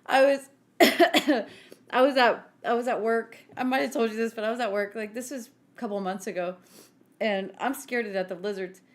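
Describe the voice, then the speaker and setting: Animated, high-voiced woman storyteller. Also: moderate pace. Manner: animated, self-mocking storyteller. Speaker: podcast co-host. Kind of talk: casual chat.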